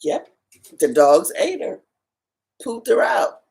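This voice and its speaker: A woman's voice: on the high side, big pitch swings, slow pace, creaky, a little mellow. A woman, the host's aunt, explaining scripture patiently and emphatically in a casual Bible study.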